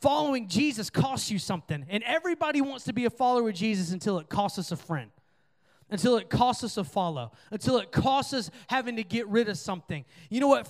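A young man giving an earnest, conversational sermon to students as a youth pastor, with many fillers and restarts. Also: extremely high pitch.

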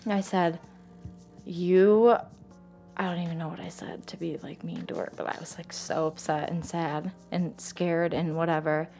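A woman's voice: fairly low pitch, flat delivery, normal speed, gravelly, few pauses, a little mellow, soft background music. A young woman telling a personal story in casual talk, rambling and saying "like" constantly. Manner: says "like" constantly, rambling and emotional. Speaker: interviewee telling her story.

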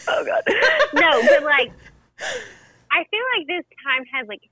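High, bright woman reacting in chat. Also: lively intonation, slow pace, poor audio. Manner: reactive, exclaiming listener. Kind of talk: casual chat.

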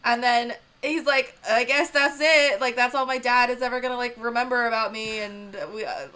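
Woman, casual movie chat, rambling, giggly, bright, slightly high. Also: fairly even intonation, normal speed, smooth. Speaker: podcast co-host.

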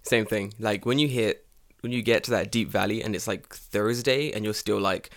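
A man's voice: lowish voice, fairly even intonation, normal speed, creaky. A young man, co-hosting a podcast in casual chat, swearing a lot and mocking people in put-on voices. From United Kingdom. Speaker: podcast co-host.

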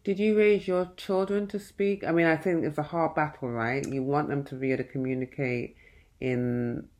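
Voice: medium pitch, fairly even intonation, normal speed, a little mellow. Curious podcast host asking questions. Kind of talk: casual interview.

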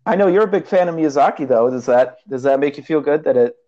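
A man's voice: on the high side, animated, quick pace, mellow. A young man co-hosting a podcast, chatting casually and rambling with frequent laughs. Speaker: podcast co-host. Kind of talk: casual chat. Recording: dull lo-fi audio.

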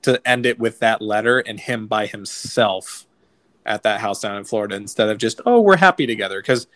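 With fairly low pitch, a fairly bright tone and little pitch movement, this man talks at normal speed while hosting a casual movie podcast. He chats loosely, full of fillers and enthusiasm.

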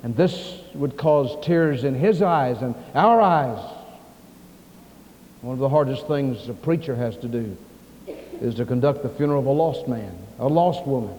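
A man's voice: mid-range voice, moderate pace, dark tone, slight background noise. A man preaching a sermon, telling the story with emphasis, in a dull recording with long hall echo.

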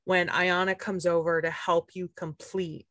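A woman's voice: fairly low pitch, level tone, a little slow, a bit bright, dry recording. A woman hosting a podcast interview, enthusiastic and swearing casually. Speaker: podcast host.

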